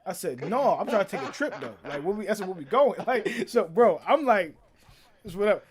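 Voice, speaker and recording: A young man with a high, light voice chats casually while streaming. He tells stories in a lively way, acts out what other people said and laughs often along the way. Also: brisk, a crowd in the background. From Philadelphia. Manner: animated storyteller, acts out quotes, laughs often. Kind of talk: casual chat.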